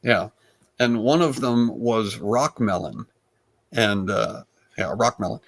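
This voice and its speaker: A man, a comedian guest, telling stories in a rambling, animated way with frequent restarts. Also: lowish voice, slow pace. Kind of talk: casual storytelling chat.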